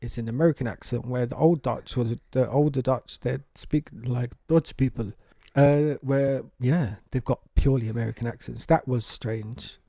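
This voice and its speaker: A man's voice: mid-range voice, normal speed, dry recording, studio quality. Chatty man, loose and profane. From England. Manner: animated, swears freely, acts out voices of other people. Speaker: podcast co-host. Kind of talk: casual chat. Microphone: podcast studio mic.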